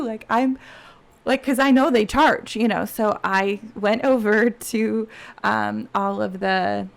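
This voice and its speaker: Chatty woman with a gravelly edge. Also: medium pitch, takes it slowly. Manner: chatty, peppered with "you know"; animated, laughing storyteller. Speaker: wedding planner guest. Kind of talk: casual podcast storytelling.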